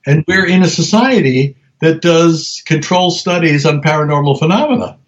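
A man speaking in a relaxed, halting way and often starting his sentences over as he tells stories in an interview. His voice sits a little higher than most men's. The recording sounds dull and lo-fi. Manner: halting, with frequent restarts and acted-out quotes. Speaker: researcher and guest. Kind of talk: casual conversational storytelling.

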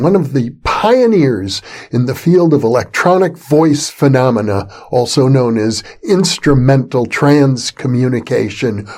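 An older man hosting an interview, introducing his guest in a calm, deliberate way. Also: mid-range voice, husky. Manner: measured, deliberate delivery. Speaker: interview host.

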